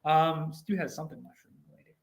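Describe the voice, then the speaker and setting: A man's voice: fairly high pitch, a little fast, creaky, slight background noise. A young man co-hosting a casual livestream chat from an office studio. He talks goofy, playful and hyped-up into a laptop mic. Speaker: co-host.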